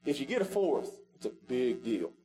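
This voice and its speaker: A male pastor preaching a sermon in a church sanctuary, repeating his pleas with passion and swinging from loud pleading to hushed. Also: mid-range voice, sing-song, normal speed, rough recording.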